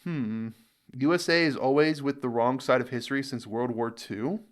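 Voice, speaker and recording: An American man hosting a reaction video, reading viewer comments and thinking aloud in a casual, unhurried way with fillers. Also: medium pitch. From United States. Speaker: reaction channel host.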